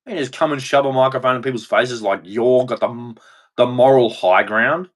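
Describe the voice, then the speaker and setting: A man ranting on his own, heated and profane, turning preachy at times and swinging between shouting and muttering. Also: mid-range voice, moderate pace. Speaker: vlogger. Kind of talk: angry solo rant.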